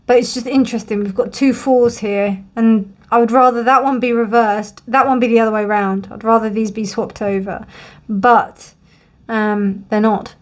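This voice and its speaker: A woman's voice: a little high, steady tone, moderate pace, few pauses. Musing woman giving a tarot reading. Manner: musing, reassuring, thinks aloud with many fillers; yawns often during readings. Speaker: tarot reader. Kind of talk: casual tarot reading to camera.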